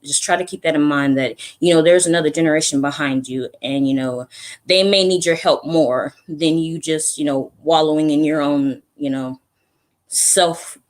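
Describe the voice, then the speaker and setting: Earnest, measured man giving advice. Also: on the high side. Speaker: guest.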